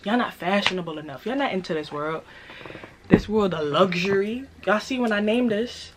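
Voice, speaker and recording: Hyped New York woman with a slightly raspy voice. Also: medium pitch, expressive, moderate pace, heavy background noise. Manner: playful, hyped, repeats phrases, talks straight to viewers. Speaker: fashion vlogger. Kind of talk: casual haul video.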